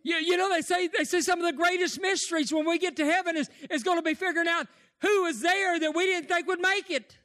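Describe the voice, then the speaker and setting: High-voiced impassioned preacher man. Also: fairly even intonation, quick pace, few pauses. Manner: impassioned, rising to shouts and tearful cries. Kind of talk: sermon.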